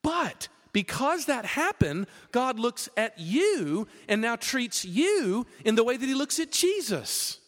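A man preaching a sermon, chatty and animated, often pausing with fillers. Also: extremely high pitch. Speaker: pastor. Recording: long reverb of a large hall.

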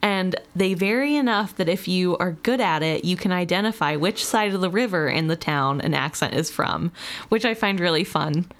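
A woman's voice: fairly low pitch, moderate pace. A young woman from the US Midwest co-hosting a podcast, chatty and giggly, laughing between her thoughts. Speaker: podcast co-host. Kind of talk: casual chat.

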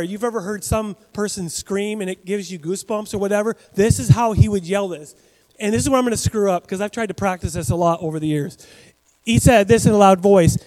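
A man preaching a sermon as pastor, talking in a conversational, animated way with asides to the congregation. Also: sits high, long reverb tail, low-quality recording.

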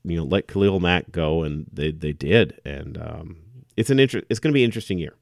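A low-pitched man talking football in a relaxed co-host chat. He is opinionated, laughs easily and restarts sentences. The sound is dry and close. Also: brisk, gravelly, no echo. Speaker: podcast co-host. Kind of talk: casual sports chat.

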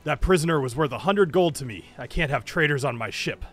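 A man voicing a ruthless, furious male ship captain who shouts menacing accusations. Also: medium pitch, lively intonation, fairly quick, husky, soft background music. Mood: accusing.

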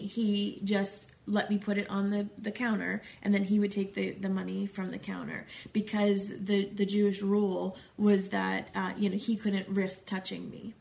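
A middle-aged woman with a gravelly, creaky edge to her voice, pitched right in the middle of the range. She reads scripture aloud and breaks off for chatty, conversational asides like a Bible study teacher. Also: a little mellow. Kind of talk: scripture reading with casual commentary.

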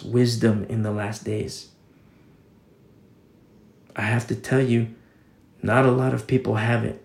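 A man's voice: fairly low pitch, gravelly, a little mellow, echoey room. A man preaching a conversational sermon as pastor, briefly acting out the voices of the people in his story.

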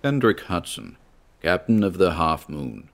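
A man voicing a deep-voiced ghostly old sea captain who speaks slowly, solemnly and with stern sympathy. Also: sing-song, exaggerated voice.

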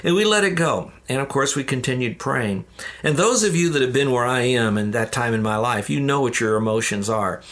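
A man's voice: medium pitch, brisk, fairly bright tone. A man, a ministry leader, earnestly telling a personal faith story in an interview. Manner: earnest, addresses listeners as "dear ones".

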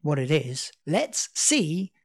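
A woman's voice: low voice, big pitch swings, slow pace, husky. A woman hosting a casual podcast quiz, upbeat and giggly. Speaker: podcast host.

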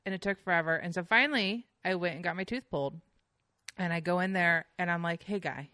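Low-voiced woman telling rambling stories. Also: fairly even intonation, fairly quick, bright, forceful tone, no room sound, clean studio sound. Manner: chatty storyteller with frequent fillers and swearing. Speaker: podcast guest. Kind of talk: casual chat.

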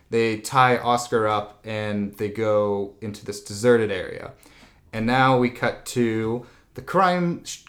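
A man co-hosting a casual chat, recapping a movie plot with sarcasm, laughs and quick silly voices for the characters. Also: fairly low pitch, fairly bright tone. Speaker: podcast co-host.

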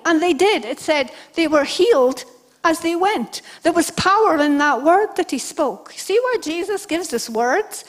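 A woman with a high voice preaches a sermon to her congregation. She tells the scripture stories with animation and acts out the lines of the people in them. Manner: animated storytelling, acting out quoted speech. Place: church service before a congregation.

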